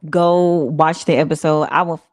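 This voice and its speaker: A woman co-hosting a casual podcast, giving earnest, measured advice. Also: sits low, level tone, no room sound, studio quality. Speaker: podcast co-host. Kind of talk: casual chat.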